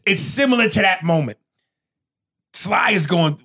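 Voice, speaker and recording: An excitable man co-hosting a podcast and recapping a TV show in loose, profane chat. His voice is bright and forceful with a husky edge. He swears freely and leans hard into the big moments. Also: on the high side, unhurried, pauses often. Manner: profane, excitable retelling of scenes. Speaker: podcast co-host. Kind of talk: casual TV review chat.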